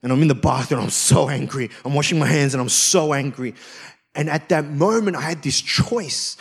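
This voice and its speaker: A male pastor delivering a sermon, telling a personal story with lively swings between loud emphasis and quiet, soft lines. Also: a little high, moderate pace, creaky, husky. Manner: acts out quoted voices.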